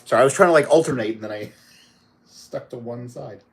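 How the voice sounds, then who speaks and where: A man's voice: medium pitch, a little fast, slight background noise, rough recording. A man casually reviewing toys on a live stream, rambling and chatty with lots of fillers. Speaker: toy reviewer.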